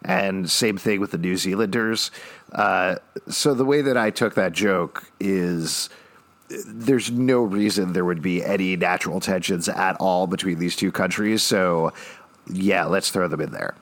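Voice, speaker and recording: A man's voice: deep voice, a little slow, fairly bright tone. A man hosting a podcast, casually recapping a TV episode with dry asides. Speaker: podcast host.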